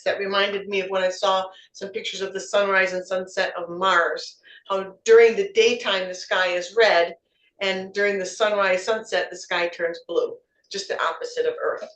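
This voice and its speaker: Recorded from a distance in an echoey room, a woman with a mid-range voice evaluates table topics at a club meeting. She offers encouraging feedback on the impromptu speeches, often repeating words while she searches for the right phrasing.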